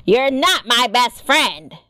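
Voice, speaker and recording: A woman voicing a prickly teenage girl with a gruff voice who answers in curt, blunt lines. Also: high-pitched, expressive, takes it slowly, no room sound, pitched above the performer's own voice, full character voice. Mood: sullen.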